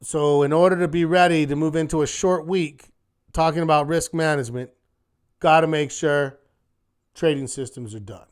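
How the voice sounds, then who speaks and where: In a fairly high, clean voice at a moderate pace, a trading instructor leads his live online weekly market wrap class. He's upbeat and encouraging, going through checklists of rhetorical questions for his students.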